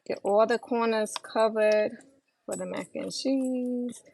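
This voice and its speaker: A woman talks casually to her livestream viewers while cooking dinner at home, reading their comments aloud and replying. Her voice sits a touch high, with a gravelly fry, and she sounds worn out from little sleep. Pots, pans and silverware clatter clearly behind her on the phone recording. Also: fairly even intonation, slow pace, darkish tone, a little hiss or hum, poor audio. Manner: chatty, reads out viewer comments and replies to them. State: tired from lack of sleep. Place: home kitchen. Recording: kitchen clatter of pans and cutlery.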